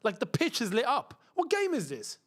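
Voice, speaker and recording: A young man with a London accent hosting a live football watchalong, chatting excitably and muttering to himself as he fiddles with the screen. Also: very high voice, moderate pace. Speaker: football channel host.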